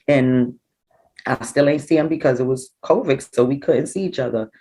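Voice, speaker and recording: A middle-aged woman, a grieving mother recounting events in an interview, animated and acting out what people said. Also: a bass voice, normal speed, low-quality recording. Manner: animated, acts out quoted dialogue. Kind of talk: emotional personal storytelling.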